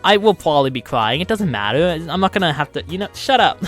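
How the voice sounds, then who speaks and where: A young man hosting a let's play, reading game text aloud and joking around in an animated way. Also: sits high, soft background music. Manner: animated, jokey, quick to laugh.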